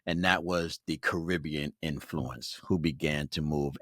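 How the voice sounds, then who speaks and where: A man in his fifties with a very deep voice, hosting an interview podcast. He tells personal stories in a relaxed, reflective way, recorded close and dry with no room sound. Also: measured pace, hardly any pauses, no echo. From Brooklyn, New York. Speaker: podcast host. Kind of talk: conversational interview.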